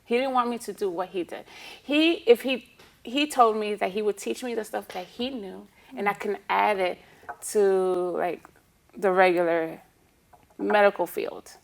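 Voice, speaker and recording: Woman with a gravelly, creaky voice. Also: medium pitch, normal speed. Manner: calm, explanatory, with frequent "um" and "you know". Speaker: licensed acupuncturist, guest. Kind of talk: explaining in an interview.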